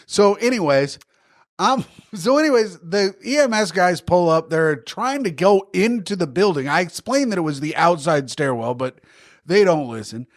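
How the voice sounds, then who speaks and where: Chatting casually on a comedy podcast he co-hosts in New York, a man with a somewhat high voice tells a story at normal speed. He brings it to life, performing the things people said.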